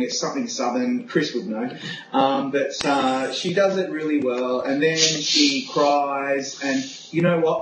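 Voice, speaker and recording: A man's voice: medium pitch, roomy sound, highs cut off, background noise. A man arguing playfully as an awards pundit in a casual panel debate, laughing as he pushes his pick.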